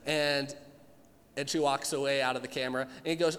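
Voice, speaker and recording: A man's voice: medium pitch, fairly even intonation, fairly quick, a bit bright, big-room sound. A young man preaching a sermon to his congregation, telling stories in a casual way and acting out the people in them. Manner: casual storytelling with playful voiced asides. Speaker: pastor.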